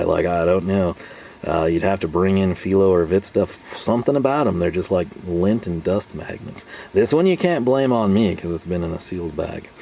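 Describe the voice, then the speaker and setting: A man's voice: low voice, vocal fry, darkish tone, slight background noise. A man chatting his way through a casual tool review, rambling and often laughing.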